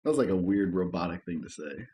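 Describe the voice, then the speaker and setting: A man co-hosting a casual podcast, reading online posts aloud and chatting, laid-back and quick to chuckle and swear. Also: low voice, lively intonation, dark tone. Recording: echoey room.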